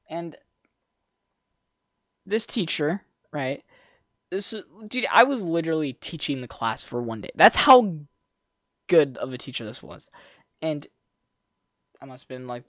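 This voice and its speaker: A young adult vlogger tells a story about school in a casual storytime monologue, rambling and slangy, correcting themselves and throwing in sarcastic asides. The medium-pitched voice is recorded with clean studio sound and no room sound.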